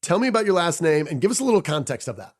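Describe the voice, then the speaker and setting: Male podcast host, slightly high voice, punchy and playful delivery. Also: sing-song, very fast. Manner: playful, emphatic, repeats for effect. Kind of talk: energetic podcast intro and interview.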